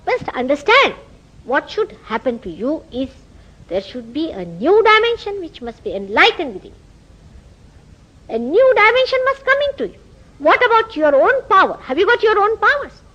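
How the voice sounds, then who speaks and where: A woman's voice: very high-pitched, normal speed, muffled recording. A woman with an Indian accent giving a spiritual lecture, telling stories and acting out quoted dialogue. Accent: Indian English. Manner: animated storytelling, acts out quoted dialogue. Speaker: spiritual teacher.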